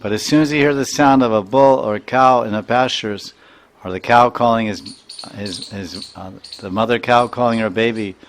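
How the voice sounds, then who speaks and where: A man's voice: medium pitch, moderate pace. A man giving a scripture lecture, reciting Sanskrit verses and explaining them line by line, with an occasional chuckle. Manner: chuckles while teaching. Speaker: spiritual teacher.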